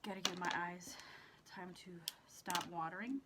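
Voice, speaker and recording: A woman's voice: fairly low pitch, fairly even intonation, normal speed, very noisy. A woman hosting a makeup tutorial, talking casually through each step as she works, with her eyes watering. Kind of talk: casual how-to demonstration.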